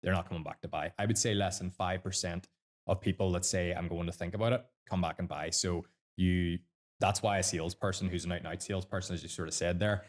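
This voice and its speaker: Fast-talking Northern Irish man, low voice. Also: steady tone. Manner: blunt, sweary, fast-talking. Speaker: sales mentor guest. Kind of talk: casual podcast chat.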